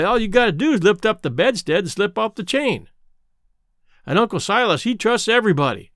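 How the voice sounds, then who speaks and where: A man's voice: high-pitched, a bit bright, no room sound, studio quality. A man voicing a brash, bossy boy who schemes and grumbles in a folksy dialect.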